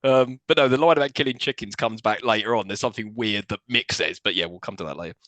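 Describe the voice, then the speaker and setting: A man's voice: lowish voice, fast, no echo. A man co-hosting a podcast, recapping a film in a sarcastic way and acting out lines from it. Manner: animated, sarcastic storytelling with voiced quotes. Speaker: podcast co-host. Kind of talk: casual film-recap chat.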